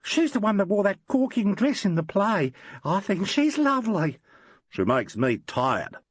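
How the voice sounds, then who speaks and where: A man's voice: high voice, big pitch swings, a little slow, no room sound, voice pushed up, heavily acted. A man voicing an eager young New police sergeant, chatty and gushing as he tells a story. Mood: gossipy.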